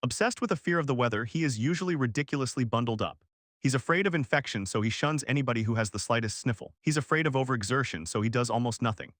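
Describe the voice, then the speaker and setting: A man narrates a self-help audiobook in a steady, scripted read. His voice sits at an ordinary middle pitch and sounds close and dry, with no room around it. He keeps an even, measured delivery. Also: dry recording.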